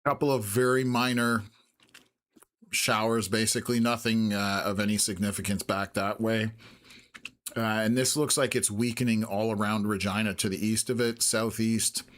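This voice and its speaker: A Canadian man in his fifties hosts a live storm-tracking stream, rambling between topics with plenty of filler sounds. His voice is on the low side, fairly even and fairly bright, at a normal speed.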